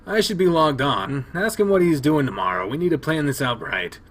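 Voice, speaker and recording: A man's voice: a little high, expressive, brisk. Leo, a man doing a hot-headed furry guy. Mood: defensive. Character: hot-tempered young male furry roommate.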